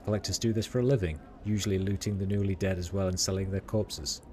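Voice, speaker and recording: A man's voice: on the low side, unhurried, darkish tone, a little hiss or hum, lightly acted. A man voicing a chatty, superstitious male rat catcher, reading slangy street talk aloud with small stumbles. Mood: gossipy.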